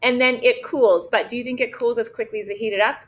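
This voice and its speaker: Woman, middle-aged, math teacher, chatty and lively, high voice, distant mic. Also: fast. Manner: chatty, lively, often checks in with 'okay?'. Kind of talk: animated classroom storytelling and teaching. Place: classroom. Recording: echoey classroom recorded from a distance.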